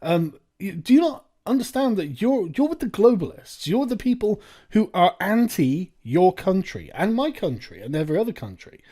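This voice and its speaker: A man's voice: high-pitched, sing-song, normal speed, hardly any pauses, dark tone. A man hosting a reaction commentary, ranting in a sarcastic, profane way. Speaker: commentary video host.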